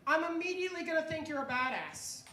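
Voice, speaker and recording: An American woman doing a stand-up comedy set, animated and rising into high exclaims. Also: quick pace. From United States. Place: small club stage. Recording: echoey club room with faint noise.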